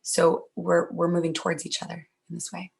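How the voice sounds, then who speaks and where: Gravelly-voiced woman speaking gently. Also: fairly low pitch, monotone, brisk. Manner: gentle, earnest, reassuring. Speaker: workshop speaker. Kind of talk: talk at a virtual event.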